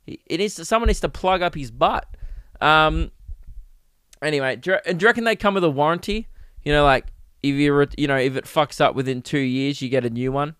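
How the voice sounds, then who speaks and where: A man's voice: a little high, brisk, a bit bright, clean tone, no room sound, studio quality. A young man hosting a comedy podcast, riffing crudely and acting out silly bits. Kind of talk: rambling comic monologue.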